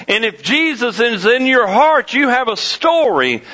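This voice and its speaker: A man's voice: high-pitched, lively intonation, a little slow, few pauses, pushed and bright. A man preaching a sermon as pastor, repeating phrases with rising emphasis. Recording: dull lo-fi sermon recording.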